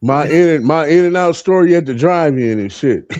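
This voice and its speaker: Animated, laughing man telling stories. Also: sits high, dry recording. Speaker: live panel co-host. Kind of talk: casual storytelling on a live panel.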